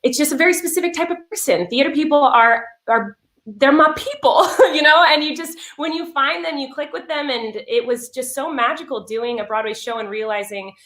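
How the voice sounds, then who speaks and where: High-voiced woman chatting in an echoey room. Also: fairly quick, fairly bright tone. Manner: chatty and earnest, trailing off and restarting. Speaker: guest performer. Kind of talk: casual interview chat. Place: home room. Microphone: video call.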